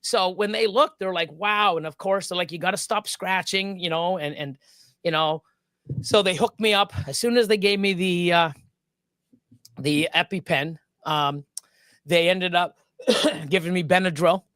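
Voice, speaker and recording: A man's voice: high voice, unhurried, a bit bright, no echo. A man co-hosting a live stream, telling a story in casual chat, rambling and swearing freely with lots of stops and restarts. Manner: rambling and profane, with many restarts.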